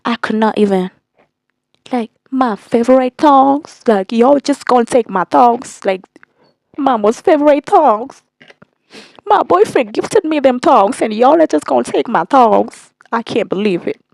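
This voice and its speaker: A young woman telling a storytime vlog in a casual, animated way, cursing and repeating lines for emphasis. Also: fairly high pitch, a little slow, gravelly, no room sound. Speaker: vlogger.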